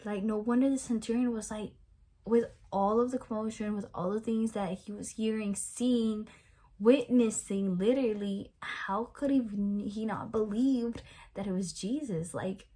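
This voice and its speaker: A woman's voice: medium pitch, a little slow, dark tone. A young woman giving a casual Bible study, talking it through loosely with many fillers and restarts.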